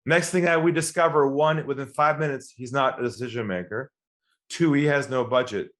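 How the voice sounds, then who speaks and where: A man's voice: mid-range voice, moderate pace, fairly bright tone. A man guest on an interview podcast, teaching sales by telling stories and acting out both sides of phone calls. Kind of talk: storytelling interview talk.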